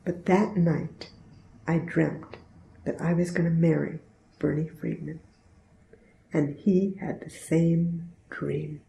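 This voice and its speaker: Older woman telling a story, gravelly. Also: sits low, steady tone, slow pace, long pauses, warm tone, slight background noise. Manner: earnest, reflective, plainspoken. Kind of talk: personal storytelling. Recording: roomy echo.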